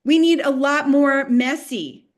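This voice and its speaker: A woman leading a network marketing team call, energetic and pep-talking, dropping to a hush and then swinging loud as she acts out what people said. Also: high voice, slow.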